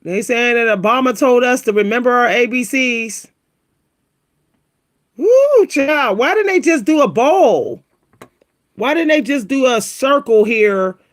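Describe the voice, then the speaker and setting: A woman hosting a casual livestream, talking to her viewers, laughing often and exclaiming in a high squeal. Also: a little slow. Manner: animated, keeps exclaiming "what?" in a high squeal; laughs between remarks, talks to viewers as "y'all". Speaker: livestream host reacting to pictures.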